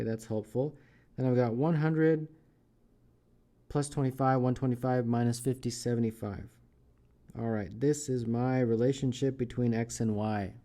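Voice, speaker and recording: A man's voice: mid-range voice, warm tone. A man teaching a math contest solution step by step, thinking aloud and often checking in with "right?". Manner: thinks aloud while working problems, often adds "right?". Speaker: math tutor. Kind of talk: screencast math tutorial.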